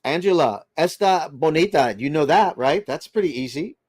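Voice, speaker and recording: A man's voice: on the high side, expressive, normal speed, a little mellow, slightly rough, no room sound. An older man hosting a casual livestream, chatting loosely and reading viewer comments aloud. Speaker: livestream host reading chat.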